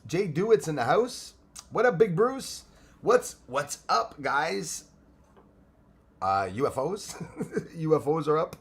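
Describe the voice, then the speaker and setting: A man's voice: fairly high pitch, sing-song, slow pace, long pauses, breathy edge. A middle-aged man from Canada hosting a casual live stream, greeting viewers by name and sometimes switching into French.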